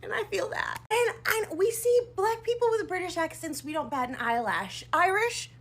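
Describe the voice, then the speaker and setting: A woman in a social media clip, talking in an amused, animated, playful way. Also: very high voice, moderate pace.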